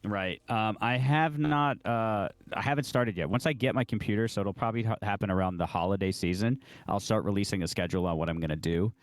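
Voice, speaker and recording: A man's voice: fairly low pitch, a little fast, hardly any pauses, dry recording. A young man, a guest drummer, chatting casually on a live podcast with many fillers and restarts.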